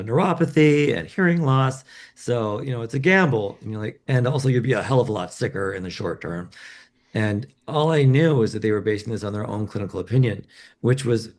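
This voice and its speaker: A man, a journalist being interviewed, who talks haltingly with many restarts and "you know"s. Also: on the low side, darkish tone. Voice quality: scratchy voice. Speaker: journalist guest. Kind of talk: conversational interview.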